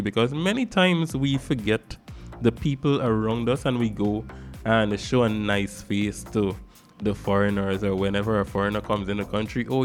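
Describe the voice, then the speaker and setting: A man from Guyana with a Guyanese accent, hosting a casual talk-show monologue in an animated, emphatic way, swinging between loud stresses and soft asides. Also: fairly low pitch. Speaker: radio show host.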